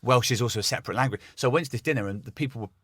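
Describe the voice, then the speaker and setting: A man's voice: mid-range voice, fairly bright tone, slightly rough, dry recording, studio quality. A man, a comedian guest, telling a self-deprecating anecdote in casual chat. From England. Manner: rapid, self-deprecating storytelling.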